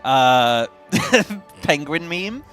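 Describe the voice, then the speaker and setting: A man's voice: on the high side, big pitch swings, extremely slow, a bit bright, faint music behind. A man in his thirties co-hosting a stream, joking around and laughing at his own tongue slips. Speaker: stream co-host. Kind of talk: casual chat.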